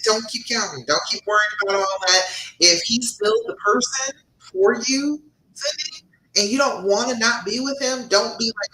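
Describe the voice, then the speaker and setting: A woman's voice: on the high side, normal speed, bright, forceful tone, echoey room, rough recording. A woman relationship coach hosting a live-stream advice session, speaking emphatically, laughing often and calling her viewers by name.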